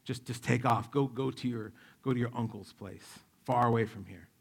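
A man's voice: mid-range voice, normal speed, creaky, husky. A man voicing a protective, commanding mother in a retold Bible story, giving urgent, blunt orders.

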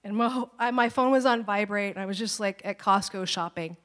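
A woman in her thirties preaching a sermon, telling personal stories in a conversational, animated way and acting out quoted voices. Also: medium pitch, a little fast. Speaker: pastor. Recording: long reverb of a church hall.

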